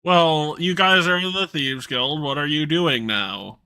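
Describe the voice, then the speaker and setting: A man's voice: a little high, unhurried, bright, forceful tone, smooth. A man running a tabletop game as game master, joking around and laughing at his own bits. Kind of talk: casual tabletop game narration.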